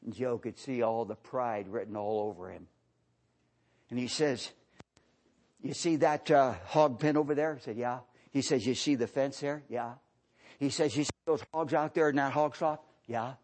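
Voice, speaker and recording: A man preaching a revival sermon who swings between fervent shouted highs and low, hushed passages. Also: normal speed.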